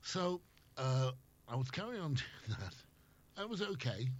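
An older man who used to host radio chats casually as an interview guest, spinning rambling anecdotes in an unhurried, sing-song, mid-range voice. The recording is slightly muffled, with faint noise.

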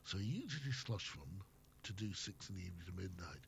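A man's voice: sits low, sing-song, fairly quick, creaky. An older man, a former radio host, chatting as an interview guest and telling rambling anecdotes. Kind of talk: casual chat. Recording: slightly muffled with faint noise.

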